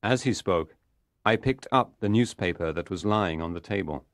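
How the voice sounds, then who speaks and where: A man narrating an audiobook in a calm, measured storytelling voice. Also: low voice, no echo, clean studio sound.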